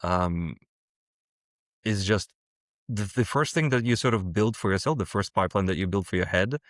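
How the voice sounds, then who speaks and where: Soft-spoken man with a dry sound. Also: lowish voice, normal speed, no echo. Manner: hesitant, many fillers and restarts. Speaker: guest, game designer and world builder. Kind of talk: casual interview conversation.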